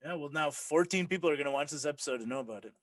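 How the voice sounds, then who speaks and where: A podcast host with a high voice trades wry, teasing remarks with his guest in a casual chat. He laughs easily. The sound is dry and close. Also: very fast, dry recording.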